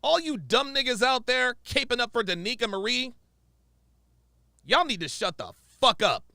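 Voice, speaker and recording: A man's voice: extremely high pitch, lively intonation, moderate pace, bright, forceful tone, dry recording, studio quality. A man giving heated, profane, sarcastic reaction commentary as the show's host.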